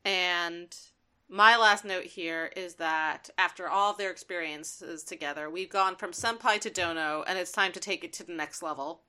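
A woman's voice: lowish voice, moderate pace, bright, forceful tone, clear, resonant tone. A woman co-hosting a podcast, talking about a cartoon as an enthusiastic fan, with many fillers. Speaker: podcast co-host. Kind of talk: casual chat.

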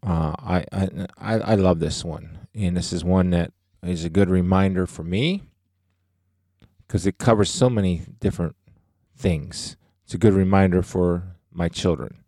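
Middle-aged male podcast co-host, low voice, dry close sound; earnest, emphatic talk about faith. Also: unhurried, dark tone, dry recording. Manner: earnest, emphatic, declaring beliefs.

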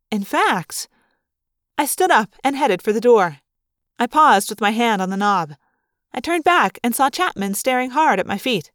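Lively woman reading a story aloud. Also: on the high side, no echo, studio quality. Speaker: audiobook reader. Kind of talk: first-person storybook narration.

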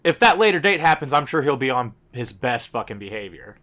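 A man's voice: mid-range voice, sing-song, brisk, pushed and bright. A man co-hosting a podcast, blunt and emphatic, swearing casually as he talks. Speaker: podcast co-host.

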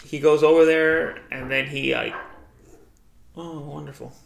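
A man, casually retelling a story in slangy, animated chat. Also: on the high side, a little slow, creaky, reverberant, slight background noise.

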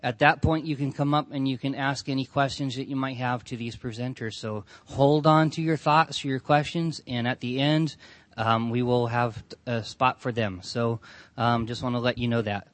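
A man's voice: medium pitch, fairly even intonation, moderate pace, dry recording. A man making informal announcements and introducing speakers at a conference, using frequent fillers. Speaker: event emcee.

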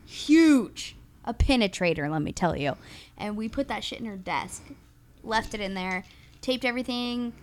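A young woman co-hosting a podcast, telling a crude story in casual chat, animated and laughing often. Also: medium pitch, normal speed, slight background noise. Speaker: podcast co-host.

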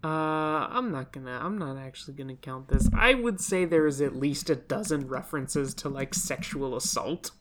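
A low-pitched woman in her late twenties, talking casually as a podcast co-host. She is sarcastic, swears freely and fills her talk with "like". Her delivery is loose and conversational. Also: expressive, moderate pace, few pauses, background noise. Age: 20s. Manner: sarcastic, swears, many filler likes.

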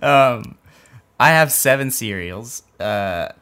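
A man's voice: medium pitch, lively intonation, slow pace, pushed and bright, clear, resonant tone. A young man co-hosting a casual podcast, teasing and self-deprecating as he runs a game. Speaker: podcast co-host.

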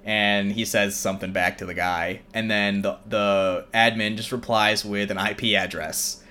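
A man's voice: on the low side, steady tone, moderate pace, pushed and bright. A young man hosting a show, casually recapping a film in a rambling way with many fillers. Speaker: host.

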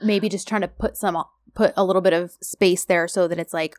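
A woman's voice: fairly low pitch, fairly even intonation, fairly quick, darkish tone, no room sound, clean studio sound. A woman co-hosting a podcast in casual chat, rambling and chatty with plenty of filler words. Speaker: podcast co-host.

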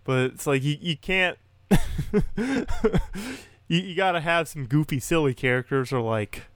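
A man's voice: fairly high pitch, lively intonation, measured pace, a bit bright, no room sound. A man co-hosting a casual wrestling podcast, swearing casually and laughing a lot. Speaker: podcast co-host.

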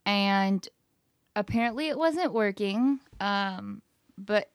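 A young woman casually recounting a personal story, acting out the quoted dialogue with lively energy. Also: mid-range voice, slow pace, smooth, no room sound, clean studio sound. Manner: animated, acts out quoted dialogue.

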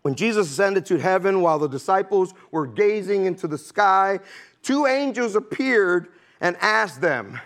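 A man's voice: high voice, animated, moderate pace, a bit bright. A man preaching a sermon to his congregation in a conversational way, often checking in with "amen?" and "okay?" and laughing lightly between points.

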